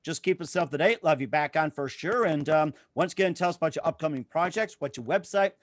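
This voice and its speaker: A man's voice: on the high side, fairly quick, no echo. A man hosting an interview show, upbeat and rehearsed-sounding as he asks questions. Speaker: show host.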